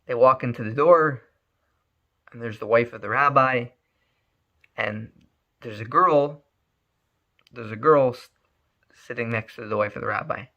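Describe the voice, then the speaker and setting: Bright-voiced man telling a story. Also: mid-range voice, measured pace, pauses often, muffled recording. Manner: animated, emphatic, many repeated words. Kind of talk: spoken storytelling.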